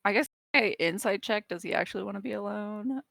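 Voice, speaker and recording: A woman's voice: medium pitch, fairly quick, creaky, a bit bright, no echo. A woman playing a tabletop game, giggling and speaking hesitantly. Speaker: player. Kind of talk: casual tabletop play.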